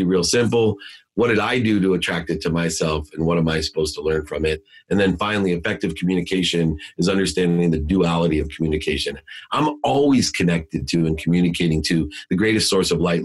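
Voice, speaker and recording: Middle-aged guy, deep husky voice, preachy motivational talk, keeps repeating himself. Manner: emphatic, preachy, repeats key words. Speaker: guest speaker. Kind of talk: motivational storytelling.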